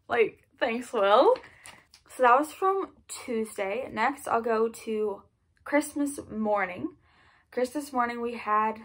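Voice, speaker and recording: A woman with a fairly high voice talks through a gift haul in a casual vlog. She gushes with excitement and chats freely as she shows each item. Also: slight background noise. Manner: gushing and excited, chatty. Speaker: vlogger.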